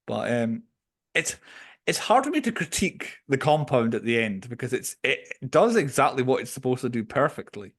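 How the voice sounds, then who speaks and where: A man co-hosting a podcast, casually reviewing a film in an opinionated, animated way. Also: medium pitch, normal speed. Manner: opinionated, animated storytelling with quoted voices. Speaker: podcast co-host.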